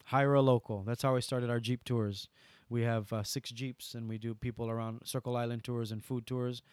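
A man, a guest on an interview podcast, telling lively stories and acting out the dialogue. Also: medium pitch, moderate pace, smooth, no room sound. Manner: lively storyteller, acts out dialogue. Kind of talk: casual interview storytelling.

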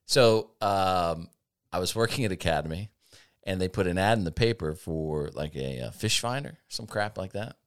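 A podcast host leads a casual talk show, chatting and telling sardonic stories about an old job while laughing often. His low voice is clear and resonant, at a normal speed.

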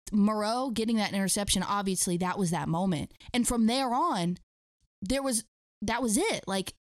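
A woman's voice: medium pitch, moderate pace, no room sound, clean studio sound. A woman co-hosting a sports talk show, chatting casually as an enthusiastic fan. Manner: enthusiastic fan, rambling restarts. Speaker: sports podcast co-host.

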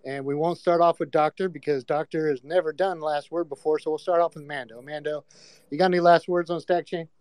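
A man hosting a casual group audio chat, relaxed and swearing freely as he calls on each speaker. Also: on the high side, a little fast, clear, resonant tone, no room sound. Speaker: host.

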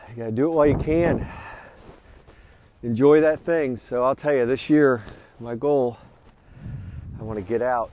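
A man's voice: medium pitch, mellow, a little hiss or hum. A man hosting his own vlog, chatting outdoors while he walks, slightly out of breath, rambling and upbeat. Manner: rambling, upbeat, repeats "you know what". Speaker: vlog host. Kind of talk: casual motivational talk. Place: outdoors, walking or running.

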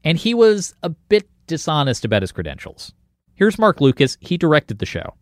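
A man's voice: a little high, wildly swooping pitch, moderate pace, dry recording. A man reporting and narrating a documentary podcast in a scripted, storytelling delivery.

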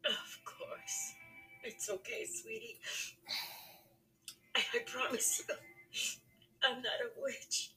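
An actress playing a grieving elderly woman, a former painter, who talks in a halting, tearful way. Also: fairly high pitch, fairly even intonation, soft background music, poor audio. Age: older. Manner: tearful, halting, soft-spoken. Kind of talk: scripted drama acting.

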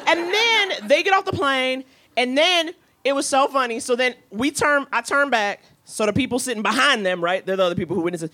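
A woman co-hosting a podcast, telling a comic story in a lively, profane way. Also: high-pitched, brisk. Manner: profane, lively, slips into voices for the people in her stories. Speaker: podcast co-host.

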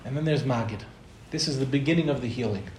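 Guy giving a relaxed spiritual talk to a crowd, tells stories and acts out quotes, room echo. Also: mid-range voice, fast, a little hiss or hum. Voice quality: conversational, acts out quotes in storytelling. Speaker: Torah teacher. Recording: roomy echo, faint ambience.

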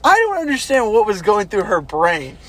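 Animated man swapping army stories. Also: high voice, normal speed. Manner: animated, swearing, shouts quoted drill sergeants. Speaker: former army recruit telling stories. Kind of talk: casual storytelling chat.

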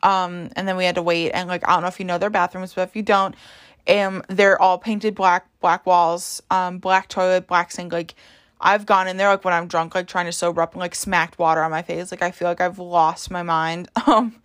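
A woman's voice: lowish voice, level tone, normal speed, fairly bright tone. A young woman hosting a podcast, telling a story casually with lots of "like" and "um" fillers. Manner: chatty, heavy use of "like" and "um". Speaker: podcast host.

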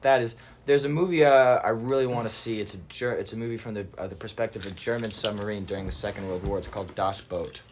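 A man's voice: fairly low pitch, steady tone, a little hiss or hum. A man co-hosting a casual podcast, retelling war history with enthusiasm. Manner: fast-talking, enthusiastic storyteller. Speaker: podcast co-host. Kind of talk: casual chat.

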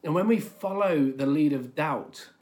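A preacher delivers a sermon in a relaxed, conversational way. The speaker tells stories and makes points in plain, chatty speech, often reaching for filler words. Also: mid-range voice, a little slow.

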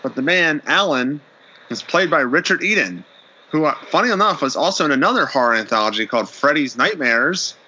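A man in a casual podcast chat, retelling a horror episode with animated storytelling and acting out the characters' lines. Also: on the high side, a little fast, breathy edge, muffled recording.

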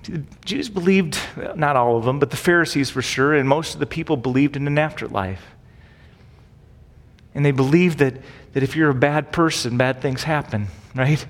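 Conversational pastor in a reverberant space. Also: male voice, a little high, moderate pace. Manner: casual, asks rhetorical questions with "right?". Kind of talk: conversational Bible teaching. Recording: long reverb.

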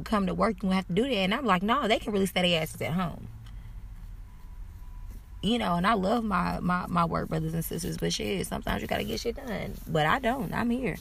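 A young woman hosting a podcast, telling a story in a casual, animated way, cursing freely and jumping up into excited exclamations. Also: vocal fry. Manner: animated, profane, jumps to high excited exclamations. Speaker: podcast host.

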